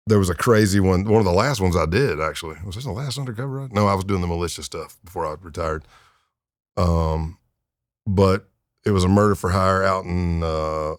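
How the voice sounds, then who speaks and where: A middle-aged retired FBI undercover agent, appearing as a podcast guest, tells crime stories in a laid-back, casual way full of fillers and chuckles. His low voice stays steady, with a measured pace and frequent pauses. The podcast studio recording is studio quality with no room sound.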